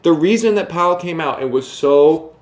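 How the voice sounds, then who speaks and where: A man's voice: a little high, expressive, normal speed. A man giving casual market commentary to camera, brash and emphatic, often mocking his viewers.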